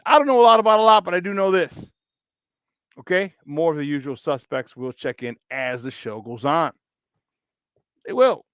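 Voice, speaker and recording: A man's voice: high voice, fairly bright tone, clear, resonant tone, dry recording, studio quality. A man in his fifties hosting a casual sports talk stream, greeting viewers in the chat, joking and laughing often. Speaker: sports talk show host.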